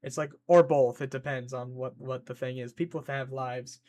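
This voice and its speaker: A man chatting casually on a stream in an excitable, rambling way, reacting to chat and scolding his pet. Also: medium pitch, moderate pace.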